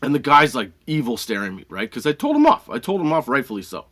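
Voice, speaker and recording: A man's voice: medium pitch, huge pitch swings, quick pace, fairly bright tone. A male podcast host telling a comic story, swearing freely and laughing between lines.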